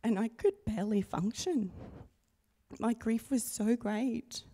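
A middle-aged woman speaks slowly and earnestly into a handheld mic, telling her story to a church congregation. Her voice sits low and dark, with a gravelly fry running through it. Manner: slow, earnest, quiet and intimate. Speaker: baptism candidate sharing testimony. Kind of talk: personal testimony read to a congregation. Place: church sanctuary. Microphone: handheld microphone.

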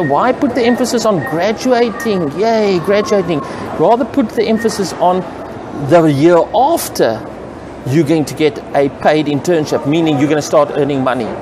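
Man, earnest opinion vlog, slightly high voice, stumbles and repeats words, traffic rumbling behind. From South Africa. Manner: earnest, repeats and restarts words while thinking aloud. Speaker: computer training business owner. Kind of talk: casual talking-to-camera opinion vlog. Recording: outdoor traffic noise clearly audible.

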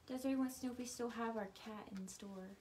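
A woman on a live sale reading out viewer questions, prices and order codes in a brisk way. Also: a little high, darkish tone, a little hiss or hum.

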